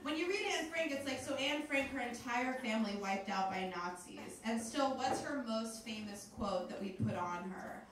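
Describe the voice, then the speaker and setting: A woman's voice: a little high, animated, moderate pace, few pauses, a bit bright, recorded from a distance. A young woman performing a stand-up comedy set on a club stage, talking in a chatty, rambling way with lots of fillers. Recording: roomy club sound heard from afar, crowd noise. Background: audience laughter.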